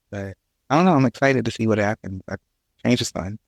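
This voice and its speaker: A man who is an entrepreneur, talking as a guest in a relaxed way and thinking aloud. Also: lowish voice, a little fast, creaky, no echo. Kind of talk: casual conversation.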